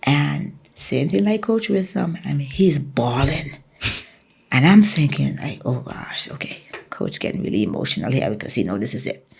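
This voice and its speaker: A woman's voice: low voice, lively intonation, normal speed, vocal fry, darkish tone, slightly rough. A middle-aged woman from the Bahamas with a Bahamian accent, a former track athlete telling her story in an interview, acting out quotes animatedly.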